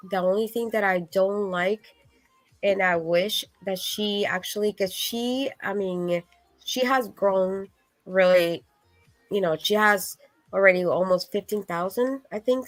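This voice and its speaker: A woman's voice: mid-range voice, measured pace, no room sound, faint music behind, poor audio. A woman who joins a livestream panel as a guest, speaking hesitantly with many fillers. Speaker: guest caller. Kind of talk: hesitant casual chat.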